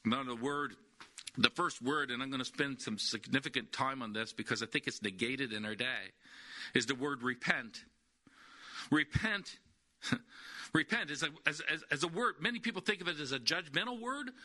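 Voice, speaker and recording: A man's voice: mid-range voice, normal speed, bright, forceful tone. A man preaching a sermon, emphatic, repeating key words and asking rhetorical questions.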